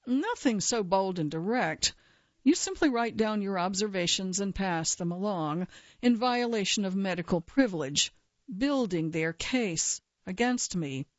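Woman reading as a gruff paranoid old judge. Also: medium pitch, animated, unhurried, no room sound, lo-fi sound, close to an everyday voice. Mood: suspicious, gruff. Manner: gruff, barking, suspicious. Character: paranoid dying elderly male justice, gruff.

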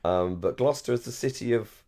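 A man's voice: mid-range voice, a little fast, mellow. An English man with a received pronunciation accent, chatting enthusiastically as a podcast co-host, with fillers and restarts. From England, Surrey-Hampshire border. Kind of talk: casual chat.

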